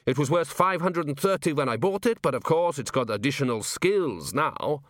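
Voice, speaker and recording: A greedy, blustering butcher, played by a male reader, whose voice jumps high into squawks of outrage. He is pushy and indignant, recorded dry and up close. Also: animated, normal speed, no echo, natural voice. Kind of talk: audiobook character voice.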